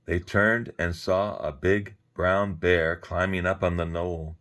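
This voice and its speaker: A man with a low, deep voice reads a children's story aloud. His reading is expressive and animated, with lively emphasis. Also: takes it slowly.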